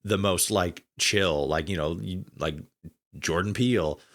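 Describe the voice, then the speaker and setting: A man's voice: deep voice, unhurried, fairly bright tone. A man hosting a podcast in casual chat, rambling and packing his talk with filler words. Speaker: podcast host.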